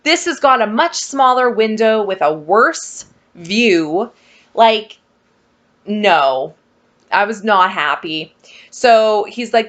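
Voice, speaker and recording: A woman telling a personal story to her viewers in a casual vlog, animated and exasperated. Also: mid-range voice, slow. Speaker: vlogger.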